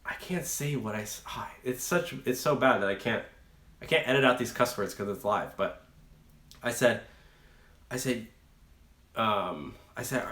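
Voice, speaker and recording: A man's voice: medium pitch, animated, moderate pace, long pauses, a bit bright. Rambling young man in an echoey room. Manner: rambling, storytelling, lots of fillers and restarts. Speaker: rideshare channel host. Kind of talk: casual live stream chat.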